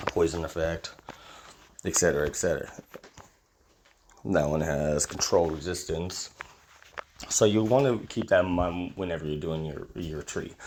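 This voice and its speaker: A man's voice: deep voice, a little mellow, a little hiss or hum. A man who is sick, his voice slightly off, giving a casual, conversational game guide as a YouTuber. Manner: conversational and explanatory, wry. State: sick, voice a little off.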